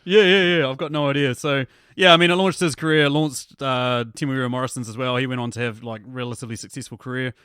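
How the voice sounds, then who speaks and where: A man from New Zealand with a New Zealand accent, a film reviewer chatting as a podcast guest in a relaxed, informative way. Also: medium pitch, fast, hardly any pauses, clean tone, no room sound, clean studio sound. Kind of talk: casual podcast chat.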